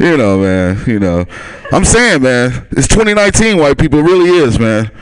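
Man, stand-up comic, small club, chuckling, loose crowd talk, lively voice, dry close mic. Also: medium pitch, normal speed, smooth, no echo. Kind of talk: stand-up comedy set. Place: small comedy club stage.

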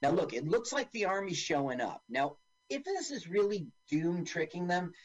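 Guy co-hosting a movie chat, jokey, voice bouncing all over the place, a bit high. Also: moderate pace, rough recording. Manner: animated, jokey, narrates on-screen action. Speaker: podcast co-host. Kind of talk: casual chat watching a film.

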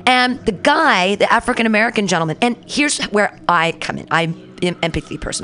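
A woman hosting a talk radio show spins a story in a loose, rambling way, with "like" in nearly every line. She slips into the voices of the people she describes, and her pitch sits at an ordinary middle height. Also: fairly quick, hardly any pauses, a bit bright. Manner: chatty, rambling, heavy use of "like", acts out quoted people.

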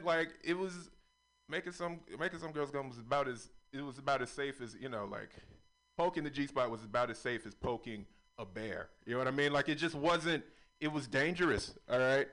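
Male stand-up comic, mid-pitched voice, rambling delivery, swears a lot. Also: a little fast. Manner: rambling, swearing, rising to loud exclaims. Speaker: stand-up comedian. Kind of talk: stand-up set.

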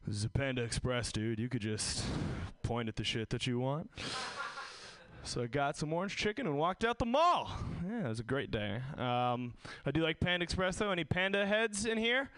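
A man's voice: a little high, animated, moderate pace, a bit bright, clear, resonant tone. A man doing awkward, self-deprecating, upbeat stand-up at an open mic on a stage mic. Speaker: stand-up comedian.

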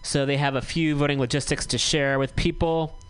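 A man's voice: a little high, fairly even intonation, moderate pace, a bit bright, smooth, no room sound, low-quality recording. A man hosting a community radio show, reading out notices in a chatty way and correcting himself as he goes. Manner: chatty, self-correcting, reads notices aloud. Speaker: radio host. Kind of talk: casual community radio talk.

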